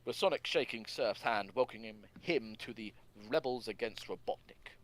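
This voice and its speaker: Man, low-pitched, podcast co-host, plot recap, casual chat, "like" fillers. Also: moderate pace. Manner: lots of "like" fillers, half-finished phrases.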